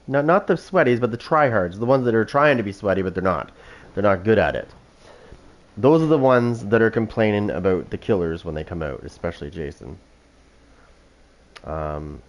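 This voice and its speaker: A man's voice: on the low side, animated, moderate pace. Brash, foul-mouthed male game streamer. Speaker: streamer playing a killer. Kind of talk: live gameplay commentary.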